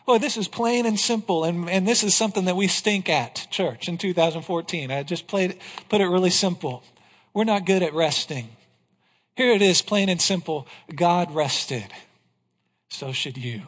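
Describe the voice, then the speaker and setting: A male pastor preaching a sermon in a church, emphatic, asking rhetorical questions and dropping to a hush on key lines. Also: high voice, moderate pace. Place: church sanctuary. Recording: long hall reverb.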